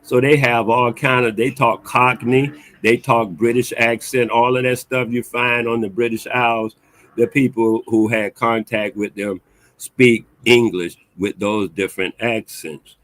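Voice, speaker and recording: A man speaking as a livestream panel guest, explaining in a calm, measured, lecturing way and checking that he follows the others. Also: medium pitch, dry recording.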